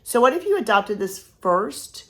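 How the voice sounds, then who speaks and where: A middle-aged woman hosting a course for mothers, giving an earnest motivational faith talk and dropping to a hush for tender moments. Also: a little high, very animated, measured pace.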